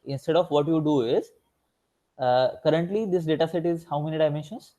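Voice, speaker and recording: A man's voice: on the high side, a little fast, mellow. A male instructor giving an online revision lecture, asking himself rhetorical questions and tagging lines with "right?".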